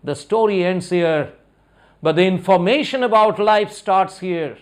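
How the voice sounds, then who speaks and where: A man's voice: high-pitched, a little slow. A man giving a motivational talk, telling a story and putting rhetorical questions to his audience. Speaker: motivational speaker.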